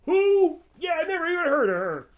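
A man putting on a naive, high male sidekick. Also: big pitch swings, fairly quick, phone-quality sound. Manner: chiming in, naive. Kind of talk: comedy radio character bit.

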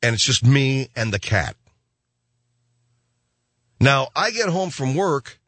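A middle-aged man hosts a late-night radio show, telling a rambling story full of asides with animated energy and acted-out voices. His medium-pitched voice has a breathy edge and moves slowly. It's captured on a studio microphone in a radio studio with no echo.

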